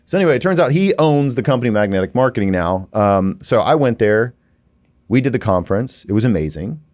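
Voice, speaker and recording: A man guest on a podcast, telling business stories in a casual, energetic, informal way with lots of fillers. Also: mid-range voice, no room sound. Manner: energetic, informal, fast-flowing with many "like" fillers. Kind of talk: casual conversational storytelling.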